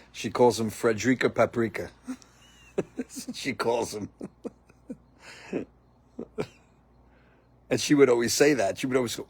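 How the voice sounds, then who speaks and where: Gravelly, chatty middle-aged man hosting. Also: on the low side. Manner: laughs often, chatty and amused. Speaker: livestream host reading viewer comments. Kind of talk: casual live chat. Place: porch, outdoors.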